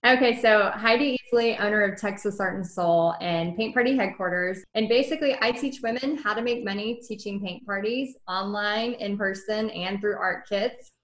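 A woman in the guest seat telling stories in a cheerful, animated way, with plenty of fillers. Her voice sits in a mid range and picks up roomy echo from the space around her. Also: mid-range voice, moderate pace, hardly any pauses. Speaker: guest, small business owner. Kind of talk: conversational interview.

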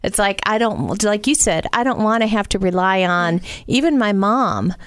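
A woman's voice: mid-range voice, moderate pace, no echo, clean studio sound. A middle-aged woman from the Midwest with a mild Southern accent, chatting casually as a guest and telling stories with little asides. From Northwest Indiana. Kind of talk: casual conversation.

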